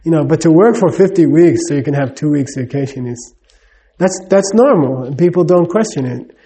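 Rambling man, fairly high voice. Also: lively intonation, moderate pace, dark tone. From United States. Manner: conversational, full of "uh" and "you know what I mean". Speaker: speaker giving a talk. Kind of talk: casual, rambling talk.

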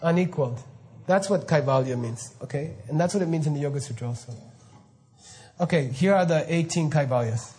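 A man giving an informal spiritual lecture to students, animated and often laughing, with mock-incredulous asides. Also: a little high, fairly quick. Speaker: spiritual teacher.

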